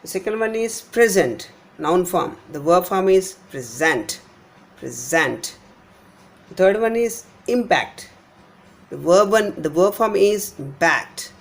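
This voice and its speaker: A middle-aged man with an Indian English accent teaching a pronunciation lesson, repeating words slowly with exaggerated stress. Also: high voice, creaky. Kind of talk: slide-based pronunciation lesson.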